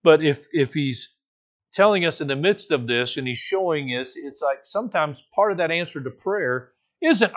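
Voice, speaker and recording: Conversational preacher man, informal and animated. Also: a little high, moderate pace. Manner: informal and animated, with playful asides and light laughs. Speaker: pastor teaching a Bible study. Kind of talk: conversational sermon.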